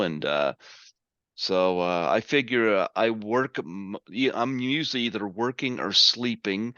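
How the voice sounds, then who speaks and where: A man's voice: on the low side, a bit bright, dry recording, lo-fi sound. A man hosting a podcast interview, chatting casually and rambling in a fan-like way with many fillers. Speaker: podcast host.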